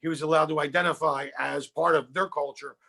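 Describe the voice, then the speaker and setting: A man's voice: fairly high pitch, steady tone, brisk, creaky, pushed and bright, breathy edge. A middle-aged man from Philadelphia, a comedian, rambling through profane rants in a podcast conversation. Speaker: comedian guest.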